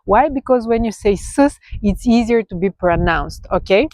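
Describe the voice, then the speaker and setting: Bulgarian woman as a language teacher, mid-pitched, patient and chatty, pauses to check in; dry close recording. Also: lively intonation, darkish tone, no echo. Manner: checks in often with "okay?" and repeats key words slowly. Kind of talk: casual explanatory lesson.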